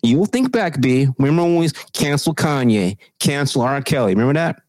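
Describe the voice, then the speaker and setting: Profane, animated man chatting. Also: medium pitch, fairly quick, dry recording. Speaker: podcast co-host. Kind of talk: casual chat.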